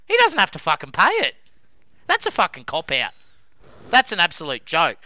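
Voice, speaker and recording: A man's voice: sits high, huge pitch swings, normal speed, sharp tone, no room sound. An Australian man co-hosting a sports podcast, ranting angrily and swearing a lot. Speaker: podcast co-host. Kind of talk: heated sports podcast rant.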